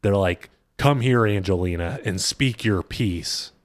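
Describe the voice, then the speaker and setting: A man's voice: lowish voice, unhurried, no room sound. Dry, rambling man recapping a show. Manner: rambling recaps with quoted impressions. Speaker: podcast co-host. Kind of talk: casual chat.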